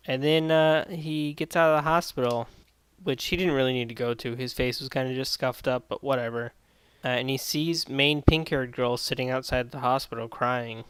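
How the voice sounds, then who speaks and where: Sardonic, foul-mouthed male reviewer with a smooth voice, recorded dry. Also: medium pitch, steady tone, normal speed, no room sound, low-quality recording. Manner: rambling, profane, sardonic. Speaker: anime reviewer. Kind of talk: casual spoken review.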